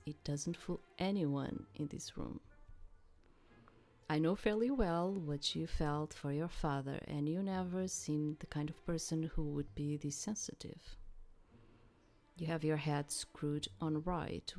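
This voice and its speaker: A man's voice: a little high, a little mellow. Woman reading as a sardonic male advisor. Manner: dry, mocking.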